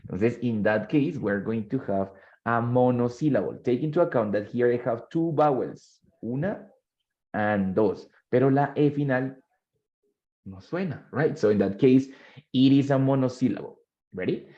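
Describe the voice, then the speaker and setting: A man's voice: medium pitch, normal speed, lo-fi sound. A male English teacher, giving a bilingual classroom lesson and quizzing his students. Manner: switches between English and Spanish, quizzes students.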